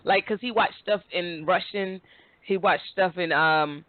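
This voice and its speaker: Animated woman host on a tinny line. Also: on the low side, measured pace, dry recording. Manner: animated storyteller, laughs often. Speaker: podcast host. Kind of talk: casual chat. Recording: tinny phone-like line, dry.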